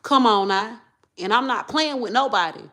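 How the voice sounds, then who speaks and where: Impassioned woman ranting. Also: moderate pace. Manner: impassioned, repetitive, swings between low muttering and loud outbursts. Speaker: vlogger. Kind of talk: emotional monologue to camera.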